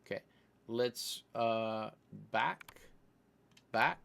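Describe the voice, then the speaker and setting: This is gameplay commentary from a man from Italy, talkative and long-winded as he navigates menus and discusses his play. He speaks very slowly in a mid-range, gravelly voice with a fairly bright tone, over a little hiss or hum.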